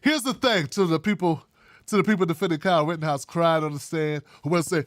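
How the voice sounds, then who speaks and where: A man hosting his own commentary show, talking bluntly with wry asides in a casual, animated way. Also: on the high side, fast, no room sound, clean studio sound. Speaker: political commentary host.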